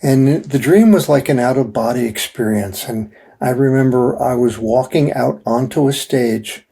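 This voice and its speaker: An older man tells his story as an interview guest, circling back and restarting his sentences. His voice is dark and mellow with a husky, gravelly texture. He speaks at a slow, deliberate pace. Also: mid-range voice. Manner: halting, many restarts and fillers. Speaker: guest telling his near-death story.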